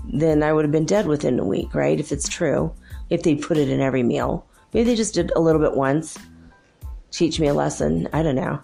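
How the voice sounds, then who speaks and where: A woman's voice: low-pitched, creaky, warm tone. A middle-aged woman hosting her show, telling a story in a chatty, exasperated way with lots of fillers. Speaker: host. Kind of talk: casual monologue to listeners.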